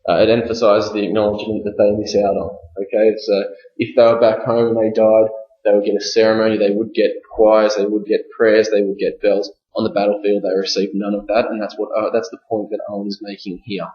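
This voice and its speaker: A male teacher giving a recorded lesson on a poem, reading verse slowly and explaining step by step with frequent "okay?" checks. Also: fairly low pitch, flat delivery. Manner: reads verse slowly and deliberately. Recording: echoey room, dull lo-fi sound.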